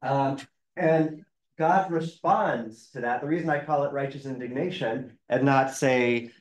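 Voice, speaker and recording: A man's voice: mid-range voice, normal speed. A man, a rabbi, leading a conversational text study class, explaining and reading passages aloud in a thoughtful way. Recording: roomy, distant mic.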